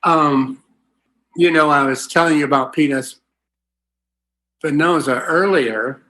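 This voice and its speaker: A man's voice: on the high side, measured pace, bright, forceful tone. An older man from Southern California giving a folksy, rambling personal talk at a recovery meeting, full of fillers and asides.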